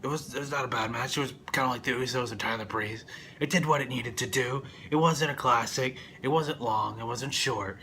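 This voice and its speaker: A young man gives a loose, swear-heavy wrestling recap in a bright, forceful voice. He wanders through his points, then bursts out loudly before dropping back to a mutter, with faint noise underneath. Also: medium pitch, brisk. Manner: profane and rambling, with loud outbursts. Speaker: wrestling reviewer. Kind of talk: casual review vlog.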